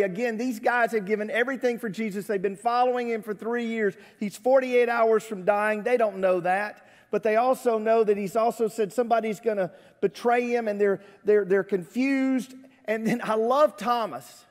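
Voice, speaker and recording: High-voiced man preaching in a reverberant church. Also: moderate pace. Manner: conversational, asks the congregation questions. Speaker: pastor. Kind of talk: sermon. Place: church sanctuary. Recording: church livestream with long hall reverb.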